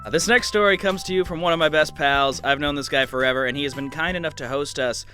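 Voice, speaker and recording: Male podcast co-host, bright forceful voice, upbeat segment introductions. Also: fairly high pitch, quick pace, soft background music.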